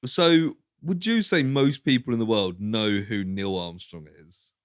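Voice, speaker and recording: A man's voice: medium pitch, measured pace, dry recording, clean studio sound. A man co-hosting a podcast, recapping a film's plot in casual chat and acting out lines in mocking voices. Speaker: podcast co-host.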